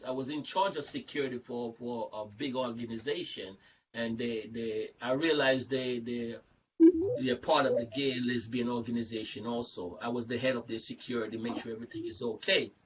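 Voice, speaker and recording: A man hosting a casual group talk, telling stories in an animated, rambling way, repeating words and acting out other people's lines. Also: medium pitch, moderate pace, far from the mic, dull audio, slight background noise. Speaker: show host. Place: online video chat.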